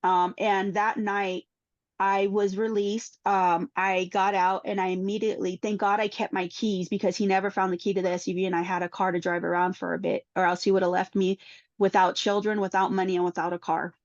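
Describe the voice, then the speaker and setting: A woman's voice: medium pitch, flat delivery, brisk, dry recording. A woman who is a panel guest, giving an emotional personal testimony and acting out the exchanges she quotes. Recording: dull, dry sound.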